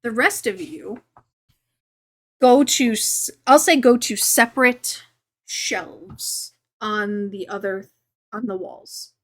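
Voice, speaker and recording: A woman running a tabletop game as game master, chatty and relaxed, with lots of fillers. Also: mid-range voice, slow pace.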